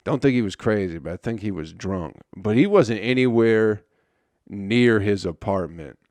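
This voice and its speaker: A man's voice: fairly low pitch, expressive, moderate pace, darkish tone, no echo. A young man hosting a casual solo comedy podcast, telling a story in a loose, profane, friendly way. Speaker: podcast host.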